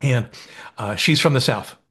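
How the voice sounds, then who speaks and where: A man's voice: mid-range voice, unhurried, a bit bright, breathy edge. An American man co-hosting a podcast, explaining ideas in casual chat in a thoughtful, enthusiastic way, seated at his usual recording spot. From United States.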